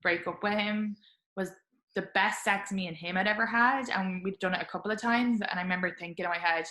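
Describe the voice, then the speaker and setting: Bright-voiced chatty woman podcast host. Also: medium pitch, brisk, roomy sound. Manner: chatty, animated, laughing storyteller with lots of fillers. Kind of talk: candid conversational storytelling.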